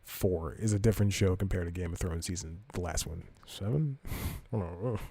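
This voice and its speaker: A man's voice: sits low, steady tone, a little fast, dark tone, husky, no room sound. A man hosting a comedy podcast, rambling through news stories in a casual way, correcting himself often and reading articles aloud. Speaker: podcast host.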